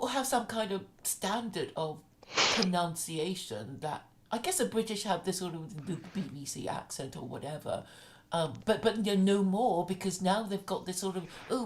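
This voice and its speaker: Woman, casual conversation, opinionated, chatty, lowish pitch, faint background hiss. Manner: opinionated, chatty, frequent restarts and laughs.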